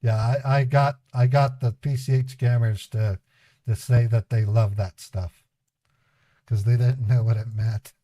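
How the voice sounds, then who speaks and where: Male streamer, casual storyteller who chuckles through anecdotes; mellow timbre, dry close mic. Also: mid-range voice, fairly even intonation, unhurried, dry recording. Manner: rambling, chuckling anecdotes with voiced quotes. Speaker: scambaiting livestream host. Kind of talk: casual storytelling to a live chat.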